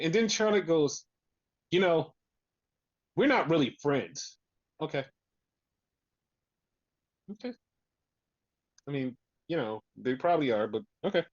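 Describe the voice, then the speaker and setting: A man's voice: on the high side, no echo, dull audio. A man co-hosting a podcast, recapping wrestling in casual, profane chat and acting out the wrestlers' lines. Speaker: podcast co-host.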